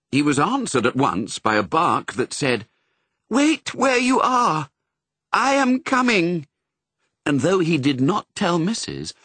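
A man narrating a children's storybook, expressive and varied. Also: medium pitch, slightly rough, no echo. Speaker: audiobook narrator.

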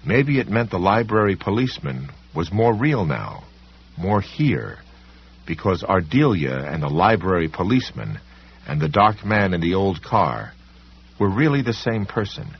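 Male audiobook narrator, husky, animated pitch, dramatic, dull recording. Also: a little slow. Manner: dramatic, varied storytelling delivery. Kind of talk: scripted narration.

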